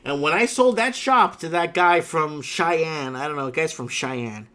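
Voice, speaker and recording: A man hosts a casual livestream chat in a fairly high voice. He tells his stories emphatically and rambles, circling back to the same points with repeated asides. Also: measured pace, sharp tone. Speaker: livestream host.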